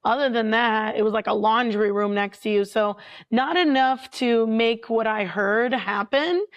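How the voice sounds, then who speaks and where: A woman telling a story in a chatty, animated way as a paranormal investigator guest, full of filler words. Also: a little high, a little slow, muffled recording. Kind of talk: casual storytelling.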